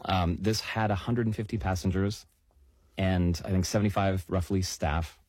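Deep husky man explaining calmly. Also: dry recording. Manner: measured, explanatory, emphasizes key words. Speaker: news explainer guest. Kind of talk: explanatory talk-show chat.

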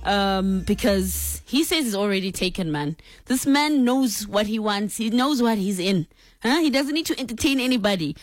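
A woman's voice: medium pitch, animated, moderate pace, dry recording. South african lady on the radio, chatty and playful, close dry studio mic, talking right to the listeners. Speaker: radio show host. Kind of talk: call-in radio chat. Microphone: studio microphone.

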